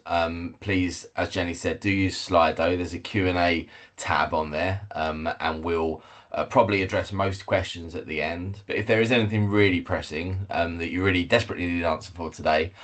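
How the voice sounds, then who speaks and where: A man leads an online webinar. He talks in a measured way, often restarting phrases with fillers. It sounds like a video call. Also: low-pitched, fairly bright tone. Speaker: head of communications. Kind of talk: webinar presentation.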